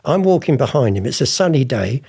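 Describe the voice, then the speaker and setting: A man's voice: mid-range voice, brisk, gravelly, breathy edge. An older man, telling rambling stories as an interview guest. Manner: rambling, animated anecdotes with acted quotes. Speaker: interviewee, art forger. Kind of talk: casual storytelling.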